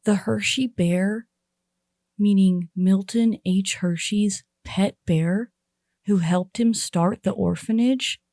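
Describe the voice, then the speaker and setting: An earnest, awkward young man, played by a woman, halts and hesitates through every line. The voice is mellow and slow, recorded close and dry. It's an improvised comedy scene. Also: medium pitch, no echo. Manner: hesitant, halting, full of ums.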